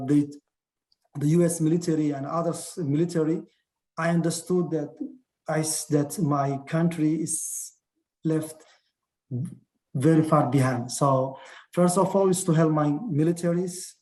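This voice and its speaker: A man from Djibouti speaks English with a French accent, pausing and restarting his phrases. His voice sounds dark and mellow. It comes through a video call in an echoey room. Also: on the high side. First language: not English. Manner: halting, many restarts and fillers. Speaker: military officer giving a talk. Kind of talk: casual Q&A answer on a video call.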